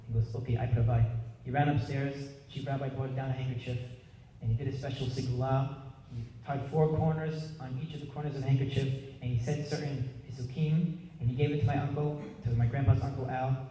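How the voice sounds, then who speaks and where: Young man, earnest eulogy delivery, mellow tone, heard from a distance in a large room with long reverb. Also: medium pitch. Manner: earnest, heartfelt, clears throat often. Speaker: grandson giving a eulogy. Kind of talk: memorial speech. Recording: echoey hall from far off, faint hiss.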